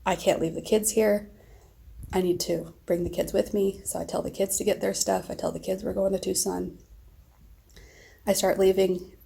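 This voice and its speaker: A woman's voice: medium pitch, flat delivery, normal speed, creaky, mellow. A middle-aged woman vlogging, telling a friend a long personal story in a rambling, emotional way.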